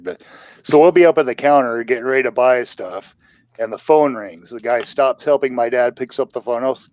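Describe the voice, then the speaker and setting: A man with a middle-pitched voice tells stories in a relaxed, profane way. The recording is dull and dry, with no room sound. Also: no echo. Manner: laid-back, profane storytelling. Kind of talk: casual profane storytelling.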